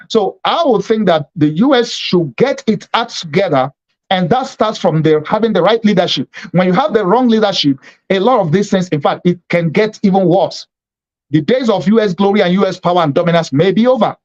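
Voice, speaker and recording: A bishop hosting a TV program, giving emphatic political commentary and repeating points to drive them home. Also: male voice, fairly high pitch, a little mellow, muffled recording.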